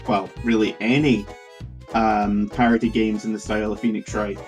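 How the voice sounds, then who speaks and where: A man's voice: on the low side, little pitch movement, moderate pace, a little mellow, faint music behind. Easygoing male co-host on a game stream. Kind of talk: casual let's-play commentary.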